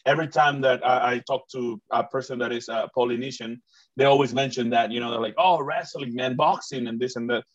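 A man hosts a casual chat, rambling eagerly with frequent "you know"s and restarts. His voice sits at a middling pitch. The recording is dull and muffled. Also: fairly even intonation, a little fast. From Mexico. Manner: rambling, many fillers and restarts, enthusiastic. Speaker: host and comedian.

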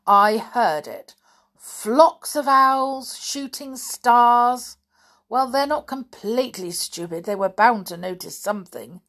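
A woman doing a sharp, impatient strict witch professor. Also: on the high side, slow pace, pitched above the performer's own voice. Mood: irritable. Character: severe, strict older female witch professor.

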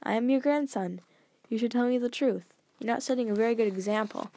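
A woman voicing a cheeky, defiant young boy who blurts things out and argues eagerly, pitched higher than her narration. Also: a little fast, mellow, natural voice.

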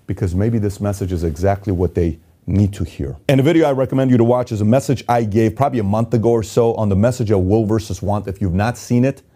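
A man from Iran giving an intense motivational monologue, swinging between loud urgency and quiet emotion. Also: fairly low pitch, fast talker, hardly any pauses. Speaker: motivational speaker.

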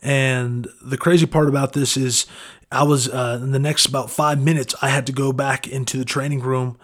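A man's voice: mid-range voice, level tone, normal speed. A man preaching a casual devotional talk, conversational and earnest, often saying "man" and "you know".

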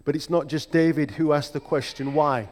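A man preaching a sermon in a reflective, measured way, with emphatic rhetorical questions. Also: a little high, steady tone. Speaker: pastor. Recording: long hall reverb.

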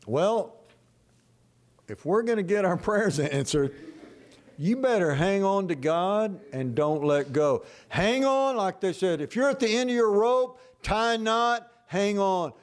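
Older male preacher, folksy storyteller. Lively pitch, unhurried pace. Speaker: pastor. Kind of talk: sermon.

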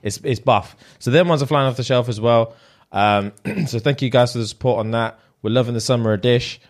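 A man's voice: mid-range voice, a little fast. A man co-hosting a casual chat, thanking listeners and retelling stories while acting out the people in them. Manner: animated, acts out people in the story. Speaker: podcast co-host.

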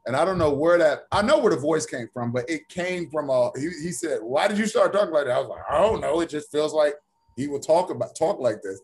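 Animated man telling stories, fairly high voice. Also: fairly quick. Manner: animated storyteller, acts out quoted voices. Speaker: actor and author, interview guest. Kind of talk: casual interview chat.

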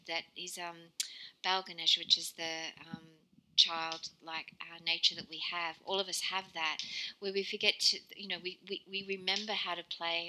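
Woman guiding a meditation; gentle, rambling, giggly, brilliant bright timbre. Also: on the low side, a little hiss or hum, poor audio. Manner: soft, meandering, with giggles. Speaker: meditation guide. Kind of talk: guided meditation.

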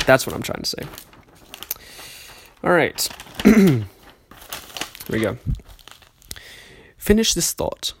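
A man's voice: mid-range voice, husky. A man in his twenties, a podcast host, reads his old school journal entries aloud and mocks them, stumbling and restarting as he goes. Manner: rambling, self-mocking, stumbles and restarts.

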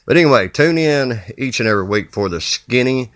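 A man's voice: mid-range voice, expressive, brisk, a bit bright, dry recording, studio quality. A man from Kentucky with a Southern accent, hosting a casual solo podcast, talkative and blunt, with folksy jokes and frequent uhs. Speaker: podcast host.

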